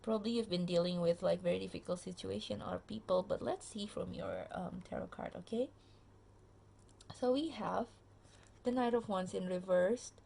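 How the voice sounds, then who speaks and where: A woman's voice: medium pitch, fairly even intonation, normal speed, gravelly, warm tone, a little hiss or hum. A tired woman giving a casual pick-a-card tarot reading to her viewers into a phone camera, chatty and full of fillers, speaking straight to the listener. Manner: chatty, many fillers and restarts, addresses viewer directly. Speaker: tarot reader.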